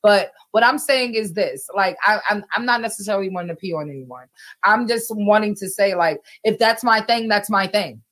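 A woman's voice: medium pitch, expressive, normal speed, fairly bright tone. A woman guest chatting casually in a brash, rambling, crude way. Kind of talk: casual chat.

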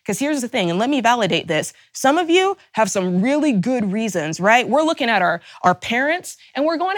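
This personal finance host speaks fairly quickly in a high voice with big swings in pitch, rallying her listeners with fervent motivation. She stacks rhetorical questions, stresses her points hard and shows open anger on their behalf. The recording is dry and studio quality.

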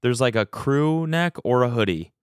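Speaking into a studio podcast mic with a clean tone and no room sound, a man hosts his own show from a small studio set. His medium-pitched voice is animated at a moderate pace, and the casual, joking chat has lots of fillers and restarts.

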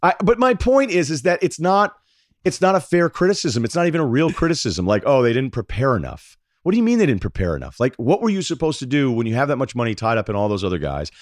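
A man as a guest on a sports podcast, arguing his points quickly and sarcastically. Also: a little high, big pitch swings, no echo, clean studio sound. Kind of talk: casual sports podcast chat.

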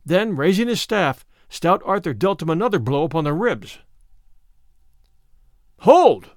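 A man reading a classic adventure tale aloud in animated, scripted storybook narration. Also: fairly high pitch, normal speed, no room sound, clean studio sound. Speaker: audiobook reader.

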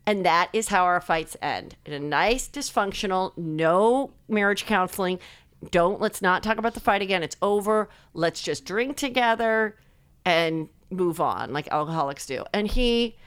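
A middle-aged woman, a comedian, telling animated stories full of fillers and swearing, acting out other people's voices. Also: on the low side, moderate pace, smooth, no echo. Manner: many filler likes. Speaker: guest comedian. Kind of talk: casual storytelling chat.

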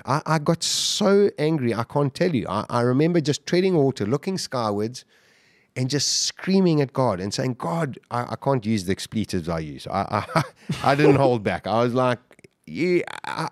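A man's voice: medium pitch, moderate pace, no echo, clean studio sound. A middle-aged man, a podcast guest, telling a survival story intensely and vividly, acting out his own quotes. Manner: animated, vivid retelling with acted-out quotes.

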